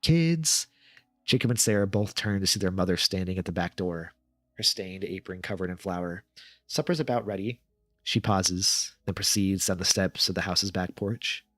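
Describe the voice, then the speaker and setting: A man voicing a worried mother of young children in a put-on British accent, gently coaxing. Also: low-pitched, fairly even intonation, moderate pace, dry recording. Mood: concerned.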